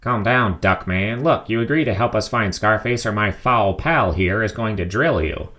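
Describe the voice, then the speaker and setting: A man's voice: on the low side, normal speed, fairly bright tone, lightly acted. A man doing a cocky, wisecracking gangster puppet. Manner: wisecracking, threatening. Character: tough-talking male gangster puppet, cocky and crude.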